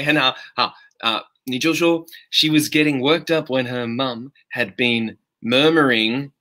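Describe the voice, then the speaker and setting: Bright, upbeat male English teacher. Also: mid-range voice, normal speed, few pauses. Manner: upbeat, greets and praises viewers by name, switches between English and Mandarin. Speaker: English teacher and live-stream host. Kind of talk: live-streamed English lesson.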